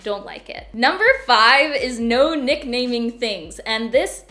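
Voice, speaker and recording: A woman's voice: on the high side, slow pace, sharp tone. A young adult woman, a parenting vlogger, talking casually to camera in an upbeat, chatty way, laughing often but firm when she makes a point.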